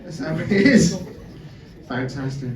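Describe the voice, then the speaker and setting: Lively British comic in a roomy club. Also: male voice, on the high side, a little slow. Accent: British English. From Britain. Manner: chatty, sweary, self-mocking, stammers on restarts. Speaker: stand-up comedian. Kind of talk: stand-up comedy set. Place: comedy club stage with live audience. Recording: roomy live club sound from a distance. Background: audience laughter and chatter.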